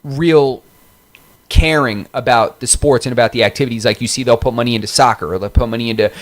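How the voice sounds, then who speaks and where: A man's voice: medium pitch, fast. A man co-hosting a podcast, telling a rambling story in casual chat, full of slang and swearing. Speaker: podcast co-host.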